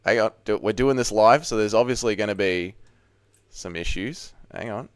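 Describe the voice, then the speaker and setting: A man's voice: fairly low pitch, moderate pace, smooth, no echo. A man hosting a casual live fight watch-along from his chair at home, swearing freely and chatting with viewers as he reads their messages. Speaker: livestream host. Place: home, seated at a desk.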